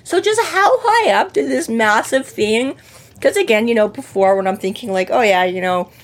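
A woman's voice: fairly high pitch, expressive, normal speed. A woman co-hosting a casual book discussion, talking in long, rambling runs full of fillers and restarts. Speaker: podcast co-host.

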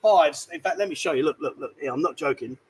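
A man's voice: on the high side, quick pace, slightly rough, poor audio. A man hosting a livestream from a bar, chatting casually, teasing and rambling. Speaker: livestream host. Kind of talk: casual banter. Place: bar, indoors.

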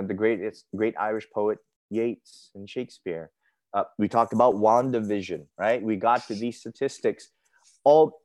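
A man co-hosting a casual conversation, talking in an animated, playful and emphatic way. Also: on the low side, dry recording. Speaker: podcast co-host.

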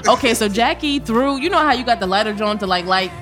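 A man's voice: extremely high pitch, lively intonation, fast talker, over music. A man telling a story in a casual chat among friends, laughing as he goes.

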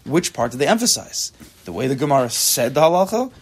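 A man teaching a Talmud class, thinking aloud with quick restarts and reading text out loud. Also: medium pitch, big pitch swings, slightly rough. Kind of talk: casual shiur teaching.

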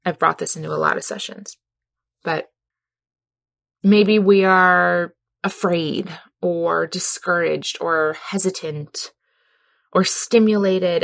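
A woman's voice: on the low side, creaky, a bit bright, no room sound, clean studio sound. A woman talking earnestly and heartfelt about a personal experience, laughing easily as she tells it. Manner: earnest, heartfelt, laughs often while telling. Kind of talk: personal reflective talk.

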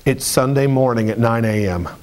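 A man preaching a sermon in an animated, storytelling way, with colloquial asides and frequent restarts. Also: mid-range voice, moderate pace, slight background noise.

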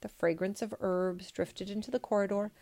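Woman storybook reader, measured and gentle, slight vocal fry. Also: mid-range voice, fairly even intonation. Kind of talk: storybook read-aloud.

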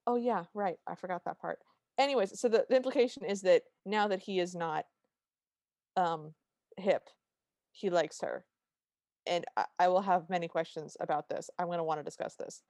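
A woman's voice: on the low side, normal speed, no echo, clean studio sound. A woman co-hosting a podcast, recapping an episode and acting out quotes as she goes. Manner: animated storyteller, acts out quotes. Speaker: podcast co-host. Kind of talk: casual recap chat.

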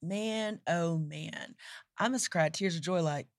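A woman who founded a startup, giving emphatic motivational talk in a casual chat, slowing down for her punchlines. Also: on the low side, no room sound, clean studio sound. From Texas. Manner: emphatic, preachy, slows down for punchlines.

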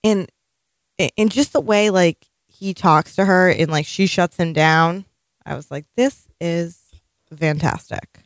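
A woman's voice: on the low side, dry recording, studio quality. A woman co-hosting a podcast in casual, rambling chat, full of strong opinions and swearing. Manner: chatty, profane, rambling, quick opinions. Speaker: podcast co-host.

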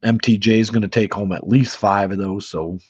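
A man's voice: lowish voice, fairly even intonation, a little fast, a little mellow, slightly rough, dry recording. A man co-hosting a sports podcast in casual chat, blunt and opinionated, swearing freely. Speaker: podcast co-host. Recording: slightly muffled lo-fi recording.

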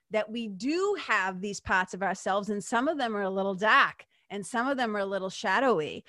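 A woman's voice: medium pitch, a bit bright, dry recording, studio quality. A woman hosting a podcast as a spiritual teacher, talking earnestly and conversationally with many fillers and asides, and swearing now and then. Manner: frank, with occasional swearing. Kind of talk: reflective monologue.

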